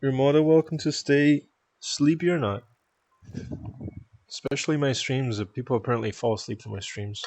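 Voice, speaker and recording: A man streaming, chatting with viewers in a calm, easygoing, chill way from a home setup. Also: mid-range voice, moderate pace, no room sound. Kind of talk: casual chat with viewers.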